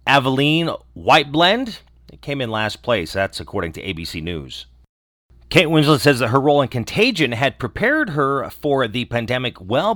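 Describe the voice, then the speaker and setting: Man reading brisk entertainment news. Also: medium pitch, a bit bright, no room sound, clean studio sound. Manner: brisk, informal delivery with asides.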